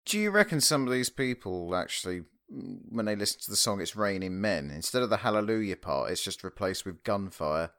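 A man with a fairly low voice in a relaxed podcast chat. He is playful and quick to throw in a joke. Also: dry recording, clean studio sound. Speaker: podcast co-host. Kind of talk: casual chat.

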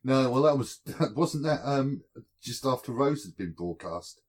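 A man's voice: medium pitch, animated, a little slow. A man co-hosting a podcast, giving brief, heartfelt replies. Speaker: podcast co-host. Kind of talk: casual chat.

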